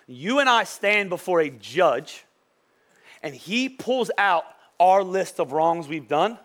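A man's voice: high-pitched, fairly bright tone. A male pastor preaching a sermon in a conversational, joking way, often checking in with "right?".

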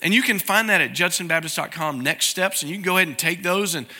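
A man speaking as a pastor to his congregation, earnest and grateful, sometimes growing soft and emotional as he shares news from the pulpit. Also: sits high, fast talker. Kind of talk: church announcement from the pulpit. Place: church sanctuary.

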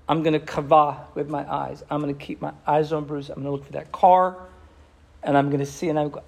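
A man preaching a sermon with passion, slowing down for emphasis and dropping almost to a whisper at times. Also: a little high, flat delivery, gravelly, darkish tone. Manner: impassioned, slows down for emphasis, drops to near whisper.

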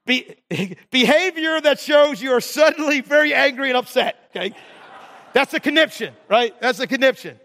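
A middle-aged male pastor preaching a sermon in a church, self-deprecating and animated as he tells stories. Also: very high voice. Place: large church hall. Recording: hall reverb.

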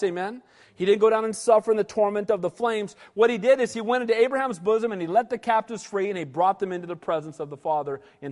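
A male pastor preaching an animated sermon in a church hall and questioning his audience. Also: high voice.

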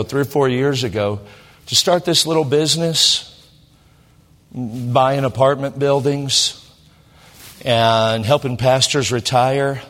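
A pastor delivers a storytelling sermon in a church sanctuary, his medium-pitched, slightly bright voice trailing a long reverb. His delivery is conversational and jokey, with many restarts.

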